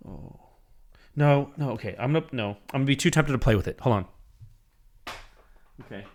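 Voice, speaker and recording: A man hosting a solo podcast, talking in an excitable, rambling way with many restarts. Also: medium pitch, fairly quick. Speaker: podcast host.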